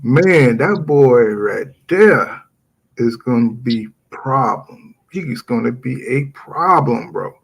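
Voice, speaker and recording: A man hosting a relaxed boxing talk show, with a husky, somewhat breathy voice. He talks animatedly and reads viewers' comments aloud between his own opinions. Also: medium pitch, slow. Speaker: boxing podcast host. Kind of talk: casual chat.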